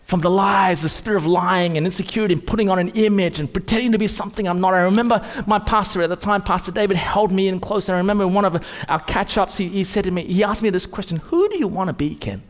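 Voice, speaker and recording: High-voiced preacher in a reverberant hall. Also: male voice, fairly even intonation, fast talker, hardly any pauses. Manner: preaching with sudden rises and quiet drops. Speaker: pastor. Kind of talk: sermon. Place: church hall.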